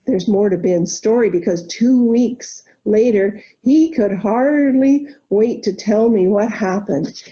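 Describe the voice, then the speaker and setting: A woman minister giving a gentle, reflective sermon, telling a story and leading soft spoken affirmations. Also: medium pitch, a little slow. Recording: dull lo-fi recording.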